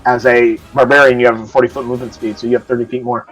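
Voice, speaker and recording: A man's voice: mid-range voice, little pitch movement, very fast, a bit bright, lo-fi sound, faint music behind. A man narrating as game master in a casual, profane way, explaining rules as he goes.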